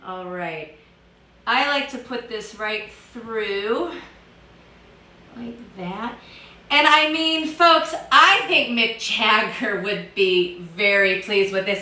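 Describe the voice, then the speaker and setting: Upbeat female home bartender, higher voice, chatting to viewers; echoey kitchen sound. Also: lively intonation, slow pace, bright, forceful tone, a little hiss or hum. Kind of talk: casual cocktail how-to livestream.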